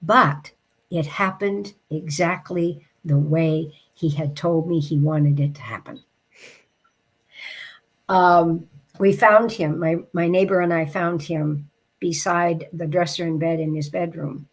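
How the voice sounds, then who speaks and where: A woman with a somewhat low voice tells a personal story as an interview guest. She sounds heartfelt and reflective, and she lets her pace slow when the story turns tender. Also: fairly even intonation, slightly rough. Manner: heartfelt, reflective, slows down for emotional moments.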